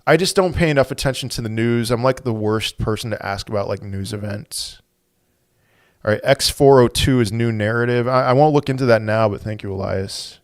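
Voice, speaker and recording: A man with a smooth, clear mid-range voice chatting casually on a livestream from a home desk mic. He thinks out loud in loose, rambling runs. The sound is close and dry. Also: medium pitch, a little fast, no room sound. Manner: thinks aloud, rambling with restarts. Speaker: crypto livestream host. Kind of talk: casual livestream chat, reading viewer comments.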